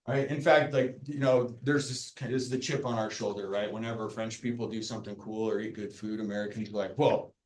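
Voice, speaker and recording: A man's voice: mid-range voice, darkish tone, far from the mic. A man giving a university lecture in a casual, joking way, often checking in with "right?". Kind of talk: classroom lecture. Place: lecture hall. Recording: echoey lecture hall, speaker off mic.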